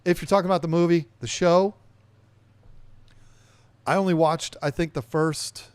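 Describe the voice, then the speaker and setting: Guy hosting a livestream, kinda high voice, rambly, reads chat out loud, dry close sound. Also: steady tone, normal speed, clean tone, no room sound. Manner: rambling, reads viewer chat aloud and chats back. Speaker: livestream podcast host.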